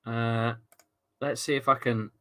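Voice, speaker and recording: A man's voice: medium pitch, flat delivery, slow, a bit bright. A young man streaming a football watchalong, chatting casually, reading out viewer comments and swearing now and then. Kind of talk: live match watchalong commentary.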